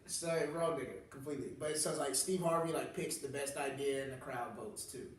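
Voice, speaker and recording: A man's voice: medium pitch, fairly even intonation, fairly quick, slight background noise. A young man from the Southern US, a comedian hosting a casual chat, telling stories full of slang and laughs. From Southern US, New Orleans. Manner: laughing storyteller, loose slang. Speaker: comedian host. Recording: echoey room, distant mic.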